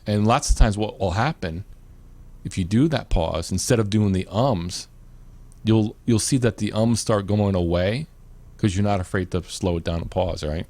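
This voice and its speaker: A man's voice: on the low side, normal speed, a little mellow. A man hosting a live video show, chatting casually with many restarts and "you know"s. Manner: rambling, repeats words, many "you know"s. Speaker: host.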